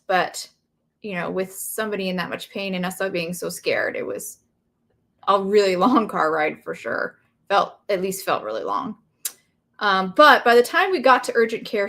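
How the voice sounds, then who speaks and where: A woman's voice: mid-range voice, fairly bright tone. Chatty woman telling a story while crafting. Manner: chatty storytelling, reads viewer comments aloud. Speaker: craft livestream host. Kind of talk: casual chat while crafting.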